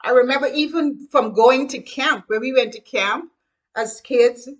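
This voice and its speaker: A woman from Guyana, telling childhood memories in a slow, earnest way and speaking straight to her listeners. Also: sits high, far from the mic, dull audio. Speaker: speaker sharing childhood stories. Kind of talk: reflective storytelling to viewers.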